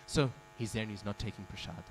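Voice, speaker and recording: A man's voice: lowish voice, fast talker, a little hiss or hum, low-quality recording. A man giving a devotional class in a temple, telling a story, acting out the quoted speech and asking the audience questions. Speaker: speaker giving a scripture class. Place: temple hall.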